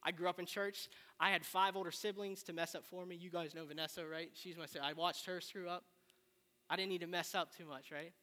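A man preaching a sermon, retelling the story in a casual, animated way with slang. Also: sits high, fairly quick. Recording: long reverb of a large hall.

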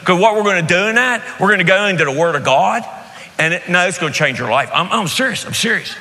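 A man voicing a pushy, loud Pittsburgh man with a Pittsburgh accent who keeps repeating himself. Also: sits high, lively intonation, fast, long reverb tail, pitched above the performer's own voice, exaggerated voice. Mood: insistent. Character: loud brash Pittsburgh guy, middle-aged man.

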